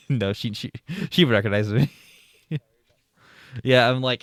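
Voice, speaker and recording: A man's voice: medium pitch, moderate pace, long pauses, fairly bright tone, smooth, no echo, clean studio sound. A man casually telling a long story from his retail job, with lots of fillers and restarts. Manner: rambling, many fillers and restarts. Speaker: streamer.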